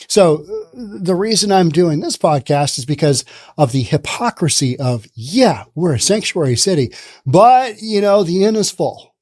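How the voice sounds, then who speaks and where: A man's voice: sits high, lively intonation, normal speed, darkish tone, no echo, studio quality. A man hosting his own podcast, ranting sarcastically about the news and mocking what others say. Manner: sarcastic, ranting, mocks others in put-on voices. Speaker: podcast host. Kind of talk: opinion podcast commentary. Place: based in the Pacific Northwest.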